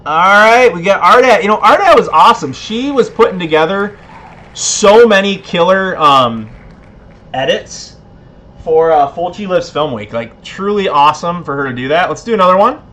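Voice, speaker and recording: A man's voice: high-pitched, lively intonation, normal speed, pushed and bright. A man hosting a casual livestream giveaway, laid-back, a bit tipsy and laughing often. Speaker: livestream host.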